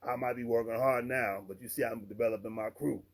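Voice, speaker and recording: A man's voice: medium pitch, steady tone, a little fast, close to an everyday voice. A man voicing a friendly middle-aged Southern male contractor, with a put-on Southern accent and folksy, homespun turns of phrase.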